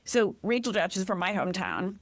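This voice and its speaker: A middle-aged woman from Massachusetts, a podcast guest, chatting in an animated, rambling way that often interrupts itself. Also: medium pitch, brisk, no echo. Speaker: podcast guest, comedy founder. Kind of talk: casual interview chat.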